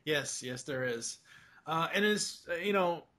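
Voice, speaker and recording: A man's voice: a little high, animated, unhurried, pushed and bright. A man co-hosting a podcast, chatting casually about a cartoon, rambling with lots of fillers, restarts and the odd swear. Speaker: podcast co-host. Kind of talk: casual chat.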